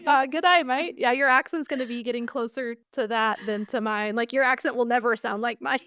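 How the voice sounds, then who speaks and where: An American woman gives encouraging advice on a podcast, thoughtful and easy to laugh. Her middle-pitched voice has a gravelly fry, and the recording is close and dry. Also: steady tone, fairly quick, fairly bright tone, no room sound. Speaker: co-host, dance instructor. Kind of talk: casual podcast chat.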